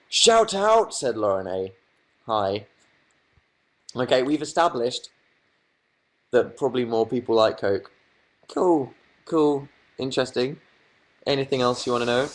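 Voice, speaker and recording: A young man from England hosting a casual livestream from his bedroom, reading out viewer comments and answering them with dry, sarcastic asides. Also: medium pitch. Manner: reads chat aloud, dry sarcastic asides. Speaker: livestream host.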